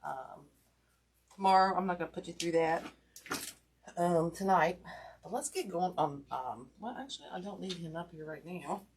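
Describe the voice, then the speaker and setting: A woman's voice: fairly low pitch, normal speed, pauses often, darkish tone, slight background noise. A woman, chatting casually to viewers while demonstrating a craft project live. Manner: chatty, talks to viewers directly, self-deprecating. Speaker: wreath-making class host.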